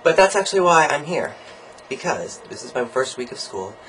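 A young man in a mid-range voice rants into his video diary, camp and sarcastic, swearing freely and leaping between high, loud bursts and low mutters. A faint hiss sits under the recording. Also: moderate pace, rough recording. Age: young adult. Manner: animated, campy and profane, with big swings in pitch and loudness; sarcastic, jokey asides. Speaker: college student vlogger. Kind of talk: casual video diary rant.

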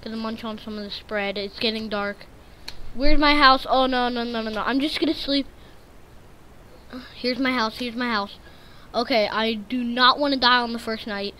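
A woman's voice: a little high, fairly even intonation, moderate pace, sharp tone, slight background noise. A woman giving live gameplay commentary, jittery and easily frightened, repeating words in nervous strings and breaking into sudden shrieks. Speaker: gaming channel host.

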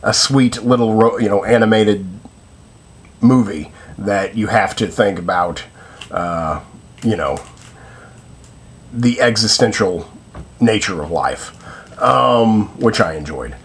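A man's voice: lowish voice, slow, pauses often, a little hiss or hum. A man giving a casual spoken film review, hesitant and full of fillers and restarts.

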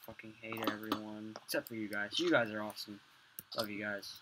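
A man's voice: on the low side, steady tone, brisk. A young man swearing and muttering to himself as he builds in a game, rambling casual commentary. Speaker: gamer. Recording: loud background noise, mouse clicks.

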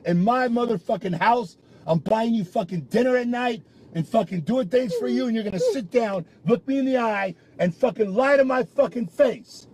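A man's voice: high-pitched, a little mellow, husky. A man in a heated private argument, talking in an angry, profane, accusing rant.

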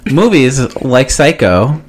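A man's voice: mid-range voice, sing-song, takes it slowly. A man co-hosting a casual podcast, joking and laughing through the banter, on a close mic. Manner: joking, laughs often, many fillers. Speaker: podcast co-host.

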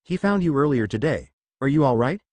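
A man's voice: medium pitch, animated, fairly quick, no room sound, natural voice. A man voicing a kind young woman in an audio fanfiction reading, friendly and smiling. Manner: warm and friendly greeting. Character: kind young green-haired barmaid woman.

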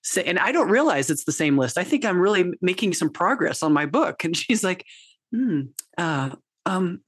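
A woman's voice: fairly low pitch, big pitch swings, fairly quick, husky, no echo, clean studio sound. A woman in her fifties, a coach talking as a podcast guest in a rambling, self-deprecating way with lots of restarts. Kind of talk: casual interview chat.

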